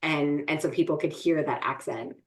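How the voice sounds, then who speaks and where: Middle-aged female podcast co-host, low-pitched, loose chatty delivery. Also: normal speed. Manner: chatty, many fillers and restarts. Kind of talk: casual chat.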